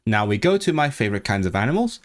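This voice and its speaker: A man's voice: fairly low pitch, very animated, fast. A man chatting casually on a live stream, thinking aloud, repeating and restarting words. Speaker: language-learning livestreamer.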